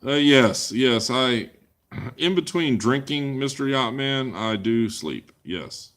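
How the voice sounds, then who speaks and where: A man's voice: mid-range voice, expressive, takes it slowly, fairly bright tone. A man hosting a casual live chat Q&A, rambling and making crude jokes as he answers viewers. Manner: rambling, crude joking banter. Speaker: livestream host answering chat.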